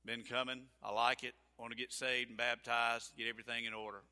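A preacher doing a gruff, reserved middle-aged churchgoer who mumbles low and flat. The voice is bright and cutting, and it rings through a big hall. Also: male voice, a little fast.

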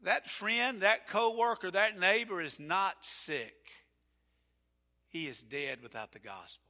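Bright-voiced pastor preaching in a hall. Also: male voice, high-pitched, slow pace. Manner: folksy, emphatic preaching with sudden loud peaks. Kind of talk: sermon. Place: church sanctuary. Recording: reverberant church sanctuary.

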